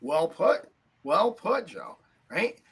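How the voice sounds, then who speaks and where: A fired-up man hosting a talk show, his voice high and gravelly. He rants with heavy swearing and keeps tossing in "right?" for agreement. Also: wildly swooping pitch, slow, fairly bright tone, rough recording. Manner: angry, profane, keeps asking "right?". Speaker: podcast host. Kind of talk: heated political talk.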